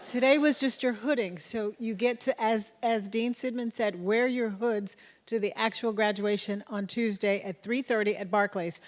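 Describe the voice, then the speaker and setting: A woman's voice: medium pitch, steady tone, normal speed, few pauses. Effusive woman college president in a hall. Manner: effusive and emotional, addressing a large crowd. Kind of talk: closing remarks at a graduation ceremony. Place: large ceremony hall. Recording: long hall reverb.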